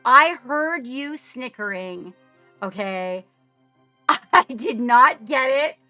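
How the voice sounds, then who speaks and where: Bubbly woman streamer, higher voice with a bright edge, chatty and self-mocking, over faint music. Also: expressive, extremely slow, no echo. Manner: bubbly, chatty, laughs at herself. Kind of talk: casual live-stream chat. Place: home studio.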